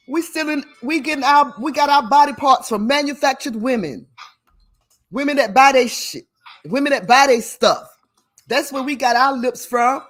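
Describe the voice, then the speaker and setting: A woman's voice: fairly high pitch, fairly bright tone. Emphatic laughing woman on a livestream. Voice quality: laughs often, emphatic and preachy. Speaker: livestream host. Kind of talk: casual livestream talk to viewers.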